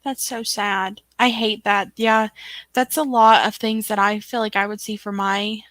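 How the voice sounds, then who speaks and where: A woman's voice: mid-range voice, little pitch movement, unhurried, fairly bright tone, no room sound. A woman hosting a casual livestream chat, reading viewer comments aloud in a chatty way. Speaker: book club host.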